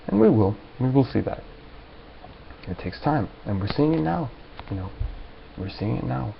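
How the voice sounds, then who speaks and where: A low, gravelly male voice rambles on in an animated monologue to camera, stumbling over restarts. The recording is dull and lo-fi, with a faint hiss underneath. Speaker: vlogger.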